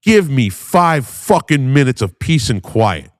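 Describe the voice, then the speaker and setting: A man's voice: medium pitch, very animated, unhurried, no echo, studio quality. Profane, combative man ranting. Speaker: debater. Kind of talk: heated debate rant.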